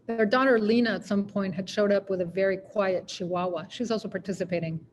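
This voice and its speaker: A woman's voice: medium pitch, fairly quick, hardly any pauses, slight background noise. A woman poet giving a poetry reading, narrating in a wry, conversational way. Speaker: poet reading her work.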